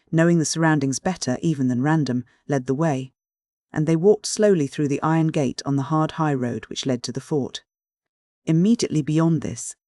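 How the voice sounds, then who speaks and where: An audiobook reader giving a steady, even narration of a classic mystery novel. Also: medium pitch, no room sound, studio quality. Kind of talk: scripted narration.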